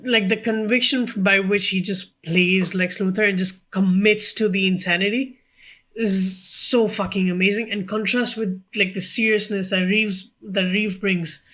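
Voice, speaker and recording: A podcast co-host in casual film chat, talking quickly and informally, with frequent "like"s and swearing. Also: mid-range voice, fairly even intonation, sharp tone.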